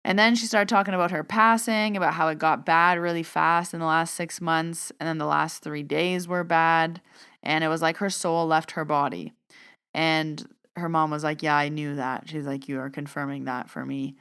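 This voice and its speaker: Chatty lady podcaster, lots of "i was like", deep-ish clean voice. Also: steady tone, normal speed, a bit bright, smooth. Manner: chatty, retells dialogue with "I was like". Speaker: podcast host recounting a mediumship reading. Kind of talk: casual storytelling monologue.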